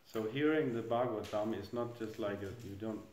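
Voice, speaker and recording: A man's voice: on the low side, a little fast, a little mellow. A middle-aged man giving an informal scripture class in a temple hall, speaking hesitantly and chuckling at his own jokes. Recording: echoey room.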